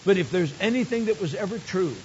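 A man's voice: sits high, animated, fast, a little mellow. An older man preaching a sermon, telling stories and rising to emphatic exclamations. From Michigan. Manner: storytelling, builds to emphatic exclamations. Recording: dull lo-fi recording with faint hiss.

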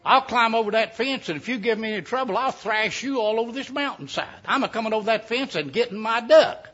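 Preacher voicing a pompous portly moneyman, husky, blustering threats. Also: very high voice, a little fast, fairly bright tone, voice pushed up. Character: portly rich stranger, blustering and quick to threaten. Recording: dull lo-fi sound.

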